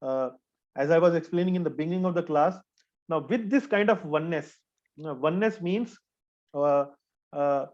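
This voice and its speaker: A man teaching a scripture class in an earnest, repetitive way, pausing often with hesitant fillers. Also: on the high side, darkish tone. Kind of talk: explanatory spiritual lecture. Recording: dull lo-fi recording.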